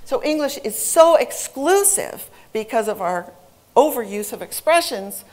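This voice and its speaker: A woman in her forties, an English teacher, giving a presentation to an audience with lively, humorous storytelling. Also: on the high side, unhurried.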